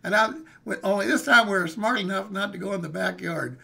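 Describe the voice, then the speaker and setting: An older man tells a story in a rambling, folksy way, his voice pitched high and bright with a gravelly rasp. He is in his sixties, and he chats straight to his live-stream viewers. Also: fairly quick. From California, USA. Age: 60s. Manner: folksy, rambling, calls listeners "man" and "hey". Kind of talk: casual storytelling.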